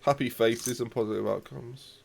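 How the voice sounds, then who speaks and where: A young man commentating live on his football management game, reacting loudly to the match and chatting to viewers. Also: medium pitch, fairly even intonation, normal speed, creaky.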